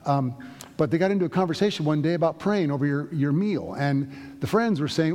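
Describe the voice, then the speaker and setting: A man's voice: a little high, big pitch swings, brisk, darkish tone. A middle-aged man preaching a sermon as a pastor, telling stories in a conversational way with frequent restarts. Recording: long hall reverb.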